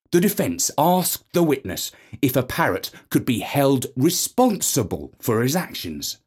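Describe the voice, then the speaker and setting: A man narrating a storybook in an expressive, playful reading. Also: medium pitch, slightly rough.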